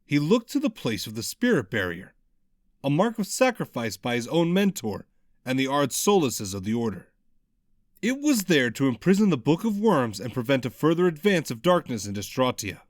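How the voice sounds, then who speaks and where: A man narrating a dark fantasy audiobook in a dramatic, expressive reading style. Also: mid-range voice, normal speed, no echo, clean studio sound.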